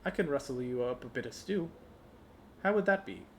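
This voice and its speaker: A man's voice: medium pitch, expressive, a little fast, close to an everyday voice. A man voicing a kind, chatty middle-aged landlady in a solo tabletop game, in a noisy recording. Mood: motherly.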